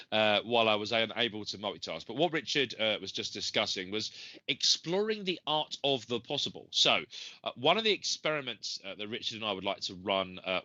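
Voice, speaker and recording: A man's voice: fairly low pitch, pushed and bright, no room sound. A man, a psychic medium, hosting a live stream and chatting to viewers with many fillers and name greetings. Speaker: psychic medium and show host. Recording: dull, slightly lo-fi stream audio.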